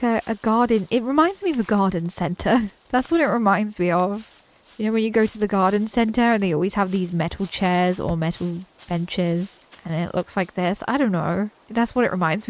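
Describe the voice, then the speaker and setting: A woman's voice: mid-range voice, a little mellow. Chatty British woman touring a game island. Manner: chatty, enthusiastic, laughs often. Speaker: gaming channel host. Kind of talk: casual game tour commentary.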